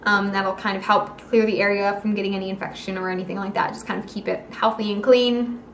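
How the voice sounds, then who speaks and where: A young woman telling a personal story in a casual vlog, animated and acting out the quoted lines of the people in it. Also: mid-range voice, fairly quick, a little hiss or hum. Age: young adult. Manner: animated, acts out quoted dialogue. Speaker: vlogger. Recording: echoey room.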